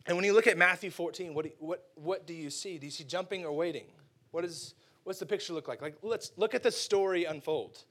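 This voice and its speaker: A man preaching a lively, casual sermon, acting out characters and using slang. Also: high-pitched, fairly quick.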